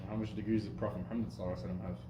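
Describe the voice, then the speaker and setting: A man asking quick, offhand questions as a student in a class. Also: lowish voice, little pitch movement, roomy sound, background noise.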